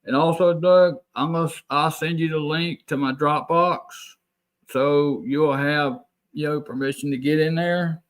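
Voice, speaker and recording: A man's voice: on the high side, steady tone, a little slow. A man from Alabama with a Southern American accent, a plainspoken guest on a radio talk show who repeats himself for emphasis. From Alabama, USA. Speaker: guest, property owner who records sounds. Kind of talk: casual radio interview chat.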